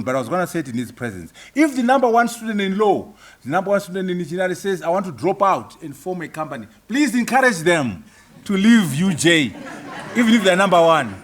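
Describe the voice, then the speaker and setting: A man, a professor, answering audience questions at a book launch, speaking emphatically and rhetorically, often adding tag questions and chuckles. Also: fairly high pitch. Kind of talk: public lecture Q&A at a book launch.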